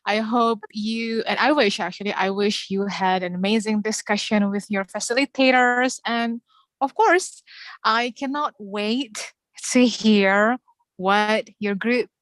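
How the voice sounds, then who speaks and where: A woman's voice: medium pitch, measured pace, fairly bright tone, no room sound, low-quality recording. Female moderator on a dry video call. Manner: frequent short backchannels. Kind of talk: hosting an online session.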